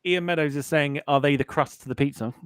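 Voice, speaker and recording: A man's voice: a little high, a little fast, clean tone, dry recording, studio quality. A man hosting a casual aviation podcast, reading out live chat comments in a jokey way and laughing often. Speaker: podcast host.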